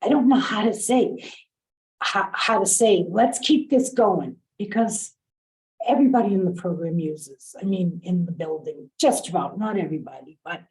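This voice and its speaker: A woman's voice: on the low side, normal speed, a little mellow, low-quality recording. A woman on a video call, earnestly telling a story from her work in a training session and quoting the people involved. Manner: earnest, quotes the dialogue of others. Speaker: program staff member in a training session.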